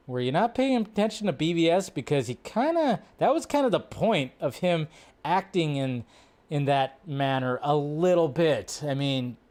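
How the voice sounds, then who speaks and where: A young adult man hosting a casual live stream, rambling and animated, with frequent restarts. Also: on the high side. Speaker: host.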